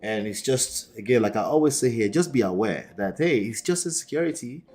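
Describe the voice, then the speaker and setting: A man's voice: medium pitch, expressive, brisk, darkish tone, soft background music. A man reacting to clips as a relationship coach, emphatic and repetitive, laughing between points. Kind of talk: casual reaction commentary.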